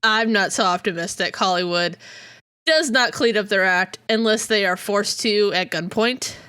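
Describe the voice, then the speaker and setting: A woman co-hosting a podcast chats casually, rambling with plenty of fillers. Her medium-pitched voice moves at a moderate pace, sharp, clear and resonant. The recording is clean studio sound with no room sound.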